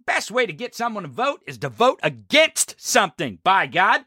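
A combative man hosting a political talk show and ranting with nonstop swearing. His voice sits high and swings widely in pitch, with a bright, sharp edge. The sound is dry and close. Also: big pitch swings, moderate pace, breathy edge, no echo. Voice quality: heavy swearing, fiery and combative. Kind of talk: profane political rant.

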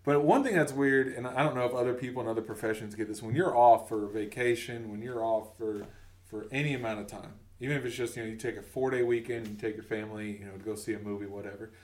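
Recorded at a distance in an echoey space, a thirtysomething man with a medium-pitched voice rattles off a funny podcast story at a fast clip. As co-host, he brings the tale to life by voicing the people in it.

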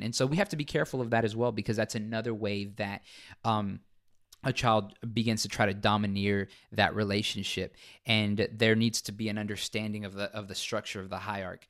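A man in a casual chat about parenting, explaining in a measured way with fillers and restarts. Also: on the low side, steady tone, a bit bright.

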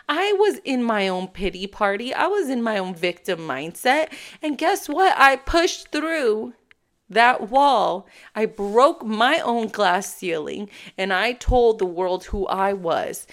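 A woman giving a casual motivational talk, animated and emphatic, acting out her own inner thoughts in a self-assured way. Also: on the high side. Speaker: motivational vlogger.

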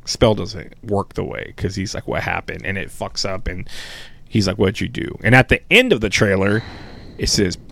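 A man co-hosting a podcast, rambling in casual, animated chat and swearing freely. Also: fairly low pitch, normal speed, vocal fry. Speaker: podcast co-host.

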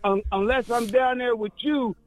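A man's voice: very high voice, fairly even intonation, normal speed, dry recording. A man co-hosting a comedy show, talking in a rowdy, boastful and profane way. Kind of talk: casual comedic chat.

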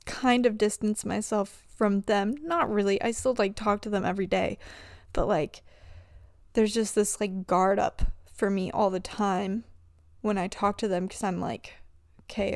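A young woman speaks straight to her audience in a loose, confessional vlog style. She rambles and restarts, leaning on "like" between thoughts, at an ordinary middle pitch. The sound is dry and close, with no room around it. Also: a little mellow, no echo. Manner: rambling, filler-heavy with frequent "like". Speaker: vlogger. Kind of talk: confessional personal talk.

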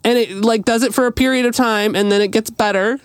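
A woman's voice: fairly high pitch, fast, clean tone, no echo. Woman podcast cohost, chatty storytelling, does the voices in her quotes, dry close mic. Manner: animated, acts out quoted dialogue. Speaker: podcast co-host. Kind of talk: casual storytelling chat.

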